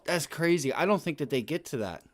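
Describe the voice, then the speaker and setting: A man hosting a live day trading stream, giving loose, slangy market commentary that swells into loud rants. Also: fairly high pitch, lively intonation, a little fast. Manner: casual slangy talk that rises to loud rants. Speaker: day trading livestream host.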